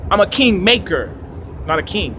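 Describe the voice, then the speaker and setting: A high-pitched, sing-song man speaks at a moderate pace, his voice pushed and bright. As a video commentator in a city park, he offers rambling, emphatic, unscripted commentary with a preachy tone and rhetorical questions, over slight hiss or hum.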